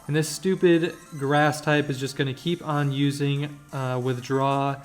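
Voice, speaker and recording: A man's voice: medium pitch, level tone, measured pace, soft background music. A man hosting a let's-play, giving joking, rambling commentary over the game. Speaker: gaming channel host.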